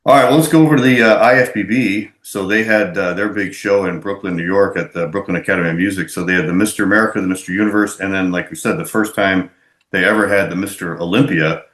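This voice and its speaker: A man with a very deep voice hosts a podcast interview and moves things along with short replies and topic changes. The room around him is echoey. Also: quick pace, fairly bright tone. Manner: brief backchannel replies, steers topics. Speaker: podcast host. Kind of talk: casual interview.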